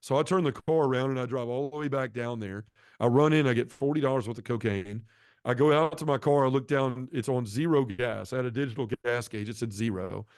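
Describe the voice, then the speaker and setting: A man's voice: mid-range voice, a little fast, a little mellow, no echo, studio quality. A man giving an earnest personal testimony as a guest, telling his story and acting out the dialogue along the way. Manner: earnest, acts out quoted dialogue. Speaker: podcast guest.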